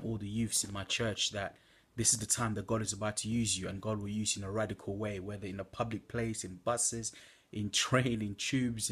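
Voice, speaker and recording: Young man, husky voice, earnest exhorting testimony, preaching style. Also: fairly low pitch. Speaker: church member giving a testimony. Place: at home at night.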